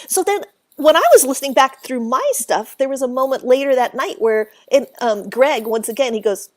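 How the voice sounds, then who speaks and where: A woman guest telling a spooky story in a casual interview, animated, acting out quoted voices and laughing often. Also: on the high side, a little fast. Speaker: author and paranormal researcher, guest.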